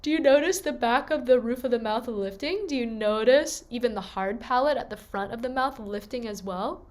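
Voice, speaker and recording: A woman voice teacher leading a gentle, encouraging vocal warm-up lesson and demonstrating the sounds herself. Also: on the high side, normal speed, hardly any pauses.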